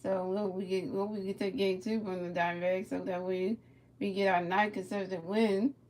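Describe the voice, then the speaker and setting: A woman's voice: medium pitch, moderate pace. Chatty woman calling a baseball game. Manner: chatty, talks to a viewer, repeats words, excited outbursts. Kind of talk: casual play-by-play commentary.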